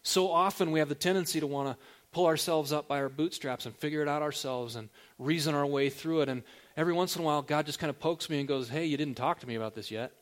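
A man preaching a sermon as a pastor, talking in a relaxed, conversational way and asking the listeners direct questions. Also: a little high, fast.

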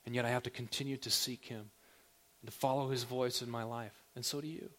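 A man preaching a sermon as a pastor, talking in a relaxed, conversational way and asking the listeners direct questions. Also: mid-range voice, brisk.

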